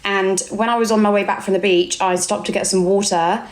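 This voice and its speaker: A woman's voice: mid-range voice, fairly even intonation, a little fast. Chatty English woman on a live stream. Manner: chatty, reads viewer comments aloud, calls people darling. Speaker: livestreamer. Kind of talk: casual live-stream chat.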